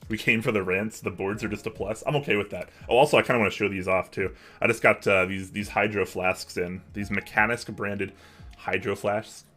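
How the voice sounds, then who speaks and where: A man's voice: fairly low pitch, steady tone, brisk, a bit bright, soft background music. A young man hosting a casual livestream from his home office, chatting and answering viewer messages. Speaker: livestream host.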